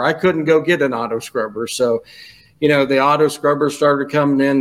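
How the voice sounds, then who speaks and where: A middle-aged man, a guest on a podcast, telling stories in a casual chat with frequent restarts and "you know"s. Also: medium pitch. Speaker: guest, retired school custodial administrator.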